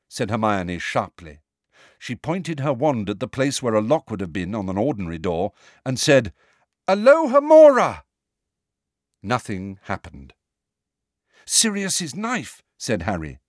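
A man reading a storybook aloud as an audiobook narrator, in an expressive, measured style on a close mic. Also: medium pitch, dry recording.

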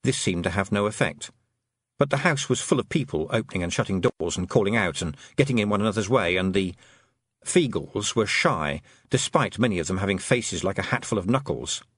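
Male storyteller, lively pitch, audiobook narration, dry close recording. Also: a little fast, husky, dry recording. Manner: expressive, varied storytelling. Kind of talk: scripted narration.

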